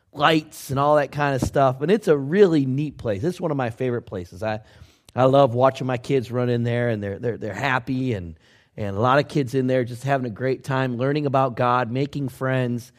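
A man, a pastor, telling a personal story in a sermon, conversational but swinging from hushed asides to loud outbursts. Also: medium pitch. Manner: conversational with fillers.

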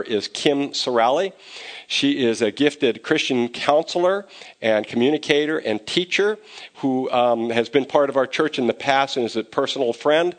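A man preaching a sermon as pastor, conversational and growing animated as he retells scenes. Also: mid-range voice.

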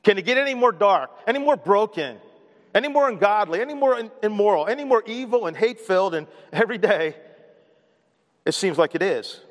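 A man's voice: sits high, expressive, a little fast, in a large hall. A man preaching a sermon as pastor of a church, emphatic and repetitive, calling on the congregation to respond. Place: church sanctuary.

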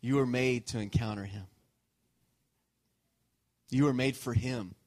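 A man's voice: mid-range voice, a little slow, darkish tone. A male pastor preaching a conversational sermon, joking and checking in with the congregation.

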